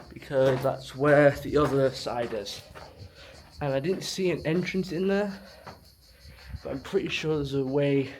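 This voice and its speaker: Chatty guy exploring old caves, jumpy, noisy background. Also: on the high side. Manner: chatty, excitable, jumpy about bugs. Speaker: travel vlogger. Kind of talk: casual exploring vlog. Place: underground ruins and caves outdoors.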